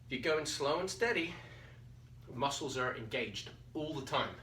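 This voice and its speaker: A male phys ed teacher talks students through exercises, counting reps aloud and a little out of breath between moves. His mid-pitched voice carries from a distance in an echoey room with faint noise behind it. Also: expressive, moderate pace, sharp tone. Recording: roomy echo, distant mic, faint background noise.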